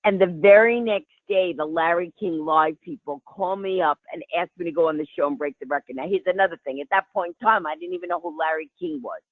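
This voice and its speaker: A woman's voice: fairly low pitch, brisk, hardly any pauses, no room sound. A comedian from New York City telling a funny story, acting out the voices of the people she quotes. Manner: animated, acts out quoted voices. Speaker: guest, comedian. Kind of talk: comic storytelling. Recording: tinny phone line, dry.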